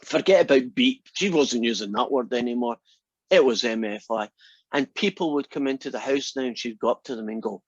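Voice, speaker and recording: A man teaching a math class drifts into a long, animated story, rambling and restarting as he goes. The recording is dull and lo-fi, with a dry, close sound and no room echo. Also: medium pitch, fairly quick. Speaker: college math instructor. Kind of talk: anecdote told in class.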